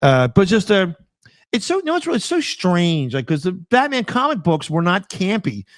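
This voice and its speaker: A man co-hosting a casual chat, telling stories with lively acted-out bits. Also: high voice, moderate pace, dry recording. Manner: animated storyteller, acts out scenes and sound effects. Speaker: podcast co-host.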